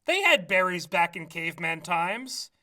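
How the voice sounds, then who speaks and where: A man's voice: high-pitched, very animated, unhurried, crowd noise. A man co-hosting a podcast in casual chat, laughing often as he reads aloud. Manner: giggly, laughs often while reading aloud. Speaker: podcast co-host.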